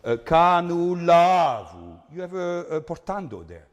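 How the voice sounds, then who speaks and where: A man's voice: medium pitch, normal speed, highs cut off. A man teaching an opera master class, scatting rhythms and singing phrases to show the singers what he wants. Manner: animated, scats rhythms and sings phrases to demonstrate. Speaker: vocal coach. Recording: reverberant hall.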